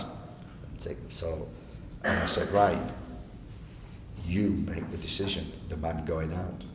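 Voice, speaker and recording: A man telling chatty anecdotes to a live audience, often laughing and acting out the people he quotes. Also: dark tone. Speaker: guest speaker. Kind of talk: live on-stage storytelling. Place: arts venue hall, live audience. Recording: echoey hall with faint rumble.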